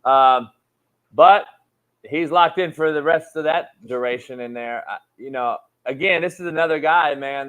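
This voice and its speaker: A man's voice: mid-range voice, fairly bright tone, lo-fi sound. A man hosting a sports talk show, blunt and profane, brushing off points and arguing heatedly. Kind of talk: casual sports talk debate.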